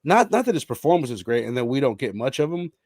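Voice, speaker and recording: A man co-hosting a casual film podcast, talking in an animated way and playfully quoting lines. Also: medium pitch, fast, no room sound, studio quality. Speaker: podcast co-host.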